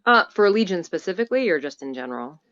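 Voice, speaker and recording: A female voice actor chatting about her warm-up routine in an interview, over a video call. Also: lowish voice, sing-song, fast talker, no room sound, highs cut off. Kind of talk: remote interview.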